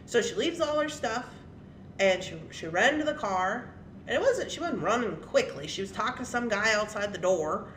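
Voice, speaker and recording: A woman's voice: medium pitch, normal speed, a little hiss or hum. A woman hosting her craft channel, telling a blunt story to viewers in a casual, laughing way, in an echoey room. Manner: animated and blunt, laughing often. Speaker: craft and jewelry channel host. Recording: echoey room with faint ambience.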